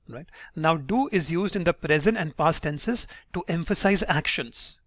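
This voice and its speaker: A man's voice: high-pitched, fairly bright tone, no room sound. A man teaching an online English lesson, explaining patiently and repeating key points.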